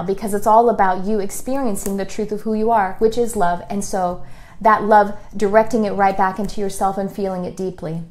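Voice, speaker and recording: A woman spiritual teacher giving a lesson on love and self-worth in an earnest, repetitive way. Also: mid-range voice. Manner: earnest, repetitive, soft-spoken during the guided practice. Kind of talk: spiritual lesson leading a guided affirmation.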